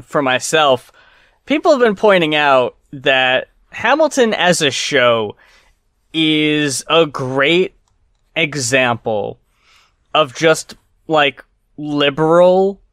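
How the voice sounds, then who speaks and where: A man hosting a podcast in casual chat, speaking in a measured, opinionated way with a dry delivery. His voice is smooth and clear and a touch higher than average. He sits close to the mic in a dead, dry room. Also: fairly bright tone, no echo. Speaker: podcast host.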